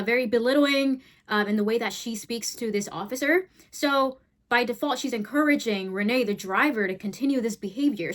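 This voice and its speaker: Woman host, political commentary, blunt and heated, keeps asking "right?", a bit high-pitched.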